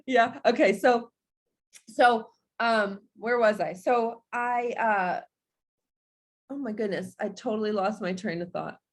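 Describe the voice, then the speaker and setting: Woman, fairly high voice, chatty, animated, laughs often, casual motivational talk, direct sales coach.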